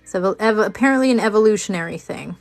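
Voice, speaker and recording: A woman's voice: mid-range voice, quick pace, creaky. A woman hosting a crafting video, chatting casually while she works, rambling with lots of fillers and restarts. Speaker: crafting channel host.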